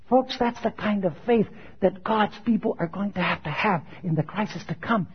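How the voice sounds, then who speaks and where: A man preaching a sermon, animated, asking rhetorical questions and building to emphatic shouted peaks, in a dull lo-fi recording. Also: sits high, normal speed, husky.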